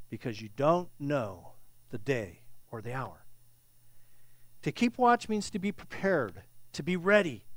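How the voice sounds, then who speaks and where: A man's voice: a little high, no echo. A male pastor, preaching a sermon in a conversational, storytelling way with emphatic questions.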